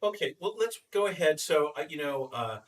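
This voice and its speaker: A man hosting a real estate live stream, steering the talk with quick affirmations. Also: a little high, big pitch swings, far from the mic. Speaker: host. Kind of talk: live stream market discussion.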